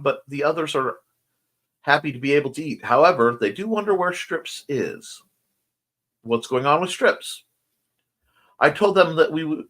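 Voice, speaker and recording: A man with a slightly scratchy voice and a speech impediment, hosting a casual morning stream, chatting playfully and reading out viewer comments. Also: medium pitch. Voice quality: self-described speech impediment. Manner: rambling, playful, warm toward viewers. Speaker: host.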